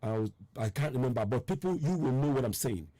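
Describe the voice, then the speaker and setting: A man's voice: mid-range voice, expressive, quick pace, warm tone, no room sound. A man hosting a live online broadcast, urging viewers with insistent repetition in a strained, tired voice. He is from Nigeria. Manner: urgent, insistent, repeating his points; reads out viewer names and answers their comments. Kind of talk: impassioned live-stream address.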